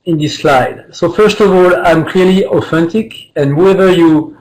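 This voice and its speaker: A man with a French accent giving a webinar presentation, talking haltingly with many fillers and restarts. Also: a little high, a little mellow, rough recording. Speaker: guest presenter.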